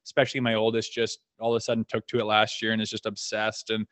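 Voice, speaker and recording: A man's voice: on the low side, monotone, fast talker, fairly bright tone, no room sound. A middle-aged man, a former hockey player guesting on a podcast, telling loose stories with laughs and frequent swearing. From Canada. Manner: laid-back, laughing, swears freely. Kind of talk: casual storytelling.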